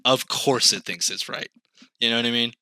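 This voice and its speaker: A man's voice: mid-range voice, steady tone, normal speed, pushed and bright, clear, resonant tone, no echo. A young man hosting a casual podcast, laid-back and jokey, rambling in an easygoing way. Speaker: podcast host.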